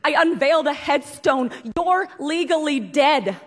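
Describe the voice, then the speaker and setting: A woman's voice: high-pitched, animated, unhurried, pitched above the performer's own voice. A woman voicing a distraught man whose voice cracks as he pleads. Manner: shaky, raised, pleading. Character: upset ex-fiancé man, voice cracking.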